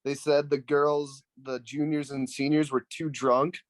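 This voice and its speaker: A man's voice: fairly high pitch, little pitch movement, measured pace, no echo. A young adult man, a podcast guest, telling a story casually in a rambling way with many fillers.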